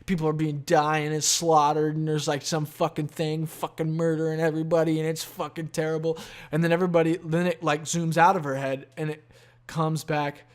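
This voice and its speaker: A man hosting a podcast, telling a long story in a casual, profane monologue that is full of fillers and has loud, animated exclamations. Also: a little high, brisk. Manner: profane, rambling, heavy on fillers. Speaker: podcast host.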